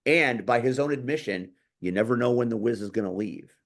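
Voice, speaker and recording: A man's voice: mid-range voice, brisk. Blunt, swearing male podcast host. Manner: blunt, swears when worked up. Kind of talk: casual chat.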